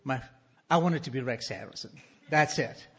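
A man's voice: mid-range voice, lively intonation, moderate pace, fairly bright tone, slightly rough. A middle-aged man from Argentina with an Argentine Spanish accent, telling a wry, self-mocking story to a live audience on a stage microphone.

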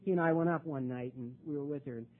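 An older man telling his own recovery story at a meeting, halting and repeating words, his voice rising when he gets worked up. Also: on the high side. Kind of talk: personal testimony talk. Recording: tinny phone-like recording.

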